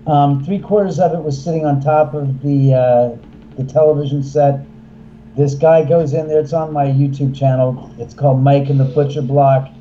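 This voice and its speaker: A man, a haunted house owner and filmmaker, telling an animated story and acting out the voices of the people in it. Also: on the high side, moderate pace, dull audio, slight background noise. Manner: acts out quoted voices, excitable.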